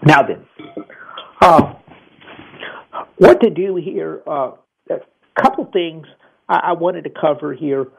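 A man's voice: fairly high pitch, slow pace, creaky, pauses often, breathy edge. A man hosting a financial advice call-in radio show in a casual, rambling way, with many repeated restarts. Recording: tinny phone-like radio audio.

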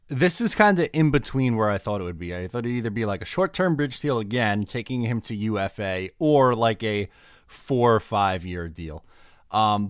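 Young guy cohosting a sports podcast, smooth clear voice, dry close sound, upbeat. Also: mid-range voice, dry recording. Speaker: podcast co-host. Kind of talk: casual sports podcast chat with ad reads.

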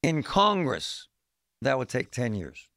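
A man's voice: medium pitch, huge pitch swings, slow, creaky, fairly bright tone, no room sound, clean studio sound. A man hosting a talk radio show, speaking bluntly in a fed-up, folksy way. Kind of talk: opinionated talk radio monologue. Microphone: studio microphone.

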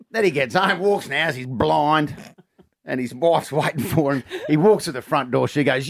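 An Australian man, a comedian, telling a joke on radio in an animated storytelling way, acting out the voices. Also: on the high side, normal speed, creaky, no room sound, studio quality. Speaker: comedian guest. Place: radio studio. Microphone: studio mic.

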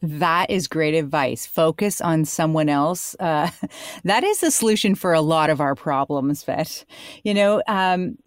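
A woman's voice: low-pitched, unhurried, dry recording, clean studio sound. A woman hosting an interview, asking her guest encouraging questions. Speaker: host.

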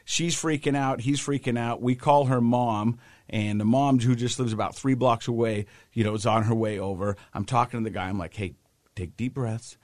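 Guy in his 30s telling a story on a podcast, mid-pitch voice, dry no-room sound. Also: normal speed, no echo. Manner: animated storyteller who acts out quotes. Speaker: podcast co-host. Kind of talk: casual chat, storytelling.

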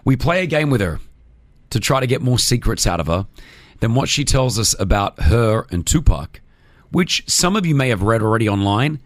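A man hosting a radio show, energetic and teasing as he runs a game with a guest. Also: mid-range voice, moderate pace, no echo. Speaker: radio host. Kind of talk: radio show chat and interview.

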